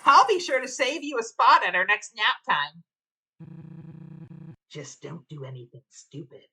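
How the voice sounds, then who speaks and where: A woman voicing a laid-back cowboy sheriff from a game, low and drawling, reading dialogue on a stream. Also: big pitch swings, measured pace, sharp tone, husky, exaggerated voice, low-quality recording. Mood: easygoing.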